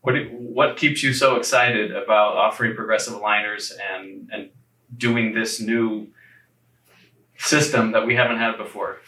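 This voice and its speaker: A man's voice: lowish voice, fairly even intonation, measured pace, pushed and bright. A man interviewing a guest, asking questions in an admiring, earnest way. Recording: roomy echo, distant mic.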